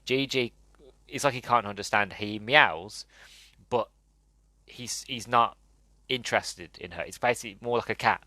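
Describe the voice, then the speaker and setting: A man's voice: lowish voice, pushed and bright, no echo. A man hosting a podcast, giving a casual and enthusiastic movie review, rambling with many fillers and restarts. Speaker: podcast host.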